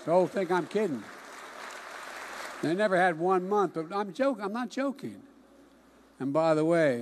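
An older man giving a political speech in a folksy, emphatic way, often dropping into hushed asides. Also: a little high, a little hiss or hum. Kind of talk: political campaign-style speech.

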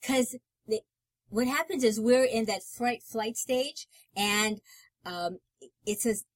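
Measured woman co-hosting advice talk. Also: fairly high pitch, no echo. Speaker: relationship counselor co-host. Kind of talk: casual advice chat.

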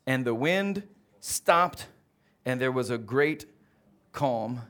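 A man preaching a sermon as pastor, animated, who keeps throwing questions out to his congregation. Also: medium pitch, takes it slowly, clean tone.

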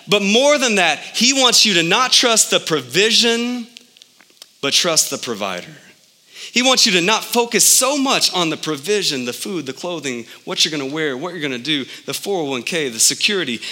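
A man in his thirties preaching a sermon as pastor, animated, with his pitch jumping up for emphasis.

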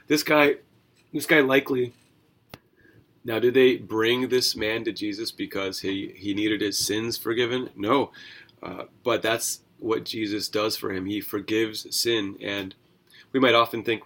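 A man's voice: on the low side, fairly even intonation, unhurried, fairly bright tone. A man hosting a devotional Bible podcast, talking in an earnest, conversational way with asides and self-corrections. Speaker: podcast host.

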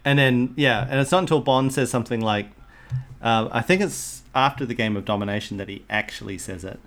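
A man chatting casually about a film, animated and swearing, sometimes quoting lines in put-on voices. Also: medium pitch, fairly quick. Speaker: film podcast co-host. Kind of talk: casual chat.

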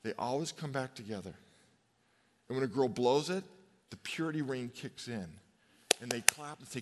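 A man in his fifties preaching a sermon as a pastor, conversational, telling personal stories and slowing down for emphatic pauses. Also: medium pitch, background noise. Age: 50s. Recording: long hall reverb.

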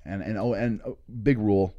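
A man in his thirties telling a wild story, animated and swearing, acting out what people said. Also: lowish voice, brisk, no room sound, highs cut off. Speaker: comedian guest. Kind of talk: casual storytelling. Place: studio.

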